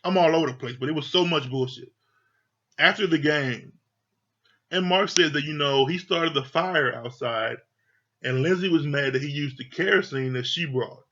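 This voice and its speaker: A man's voice: on the high side, moderate pace, pushed and bright. A man giving a casual, heated review of a reality TV show, talking bluntly and swearing freely. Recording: dull lo-fi sound.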